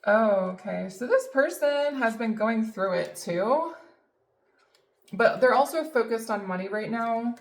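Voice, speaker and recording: A woman's voice: on the high side, animated, measured pace, gravelly, slight background noise. A woman giving a casual tarot reading, chatty and emphatic, with lots of fillers and the odd swear word. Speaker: tarot reader. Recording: echoey room.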